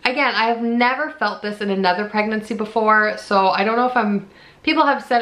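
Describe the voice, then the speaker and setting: This thirty-something vlogger has a fairly bright, medium-pitched voice and talks quickly as she gives a candid pregnancy update at home. She records on her own camera's mic, and "like" and "you know" come up often.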